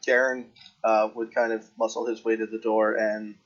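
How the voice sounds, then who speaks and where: A man's voice: fairly low pitch, level tone, moderate pace. A man playing a tabletop game, declaring his character's actions in casual chat with the table, on a dull lo-fi recording. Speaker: player.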